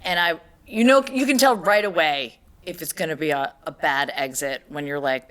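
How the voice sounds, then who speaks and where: A woman's voice: deep voice, normal speed, hardly any pauses. A woman hosting a podcast, telling a story in casual chat and acting out the people she quotes. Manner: animated storytelling, acts out quotes. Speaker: podcast host.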